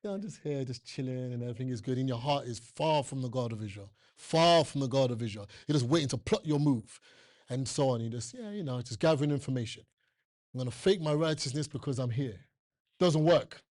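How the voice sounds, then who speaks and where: A man's voice: medium pitch, fairly quick, a little mellow, dry recording, studio quality. A man preaching a sermon, emphatic and repetitive, joking with the congregation and often asking them questions. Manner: asks the listeners questions often.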